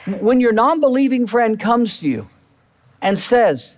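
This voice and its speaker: A man's voice: extremely high pitch, very animated, moderate pace, darkish tone. A male pastor preaching a sermon in a church, talking to the congregation in a conversational way and repeating key phrases.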